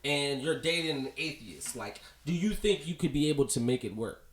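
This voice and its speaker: Man, Baltimore accent, podcast host, casual chat, animated delivery, lively pitch, roomy echo, crowd noise behind. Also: normal speed. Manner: animated, laughing storyteller.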